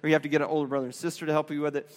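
A man, a father, telling a story to young listeners in an animated way, acting out quotes and laughing often. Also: on the high side, very fast, in a large hall. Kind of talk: storytelling talk.

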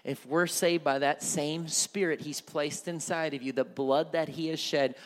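A man preaching a sermon from the pulpit, moving from soft, low passages to loud, emphatic ones and repeating words for emphasis. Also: steady tone, measured pace. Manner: builds from soft near-whisper to shouted fervor. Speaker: pastor.

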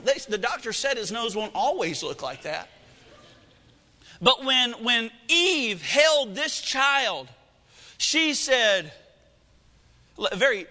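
Animated high-voiced preacher, hall reverb. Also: male voice. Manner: animated preaching, swinging from loud to hushed. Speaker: pastor. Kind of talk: sermon.

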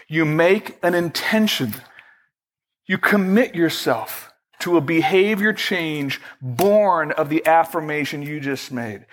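Slow, measured male preacher. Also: fairly high pitch, animated, a bit bright. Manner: measured preaching with slow, emphatic prayerful quotes. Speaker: pastor. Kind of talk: sermon. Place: church sanctuary.

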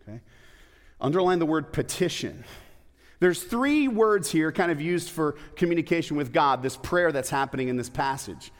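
A man's voice: on the high side, expressive, normal speed. A man preaching a sermon in a church, talking conversationally with rhetorical questions and playful asides. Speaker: pastor. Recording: long hall reverb.

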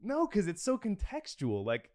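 A young man talking casually on a podcast with a lively, swinging pitch. He laughs and swears a lot, then drops low and quiet when he explains something. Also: normal speed. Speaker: podcast guest, former overseas volleyball player. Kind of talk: casual chat.

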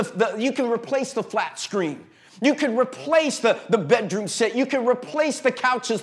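A man preaching a sermon as pastor, impassioned and repetitive, with stammered restarts and sudden drops to a hush. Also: very high-pitched. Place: church.

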